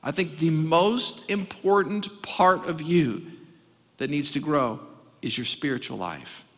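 A man's voice: fairly high pitch, takes it slowly. A male pastor preaching a sermon, emphatic and calling on the congregation to answer back. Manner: emphatic preaching, calls for audience responses. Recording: long hall reverb.

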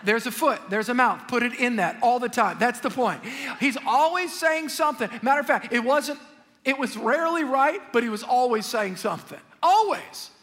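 A male pastor preaching a sermon in an animated, joking way, talking straight to the congregation. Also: very high voice, moderate pace, big-room sound. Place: church sanctuary.

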